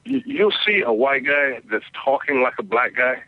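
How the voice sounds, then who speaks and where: Gravelly Texan man, lively and blunt. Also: mid-range voice, normal speed, dry recording, narrow, tinny audio. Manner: blunt, profane storytelling. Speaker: podcast guest. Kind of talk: casual podcast chat.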